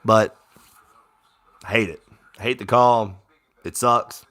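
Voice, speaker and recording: A young man reacts live to a game as a fan, talking casually and slowly. He swings between low grumbling and excited shouts whenever a big play happens.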